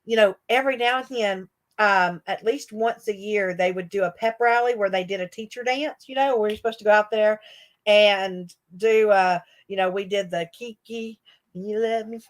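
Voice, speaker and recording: A woman's voice: mid-range voice, normal speed. A middle-aged woman, a teacher and livestream host, chatting casually with her viewers and laughing often. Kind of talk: casual live chat with viewers.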